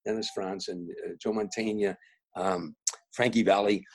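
Husky older man telling rambling stories. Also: on the low side, steady tone, normal speed, low-quality recording. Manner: restarts, repeats words, grows soft and reflective. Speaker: guest, comedian and author. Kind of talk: rambling anecdotal storytelling.

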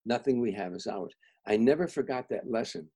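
A man's voice: mid-range voice, animated, brisk, breathy edge, poor audio. An older man from the Chicago area, a guest comedian telling rambling personal anecdotes with many restarts and repeated words. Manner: restarts, repeats words, grows soft and reflective.

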